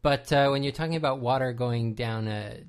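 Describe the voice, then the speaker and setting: Man, podcast co-host, casual commentary, detailed explainer, lots of pauses and fillers. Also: mid-range voice, clean tone. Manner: explanatory, trivia-packed, with many hesitations.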